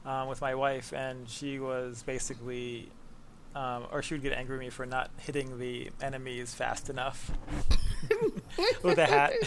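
Speaking as a podcast guest, this Bronx-born games writer has a medium-pitched, very animated voice, a measured pace and frequent pauses. It's casual conversation, rambling with fillers and laughs, over a noisy background.

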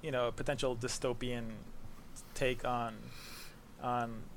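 A man's voice: medium pitch, little pitch movement, measured pace, a little hiss or hum. A man from the Bronx, talking casually as a podcast guest, rambling with fillers and laughter. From the Bronx, New York. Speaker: podcast guest, games writer. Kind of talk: casual conversation.

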